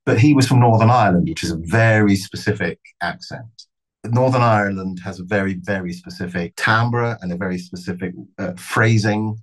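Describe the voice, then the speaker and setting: A middle-aged man with a very low, husky voice talks about his craft as an actor. He speaks in measured, reflective phrases and often restarts mid-sentence. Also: poor audio. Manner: thoughtful, measured, with frequent restarts and fillers. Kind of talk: reflective interview answers.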